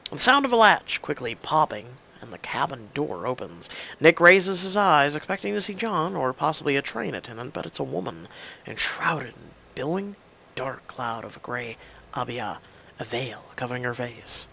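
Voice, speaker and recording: A man's voice: mid-range voice, big pitch swings, normal speed, vocal fry, bright, forceful tone, rough recording. A man reading an interactive story game aloud in a casual, hesitant way, with offhand asides.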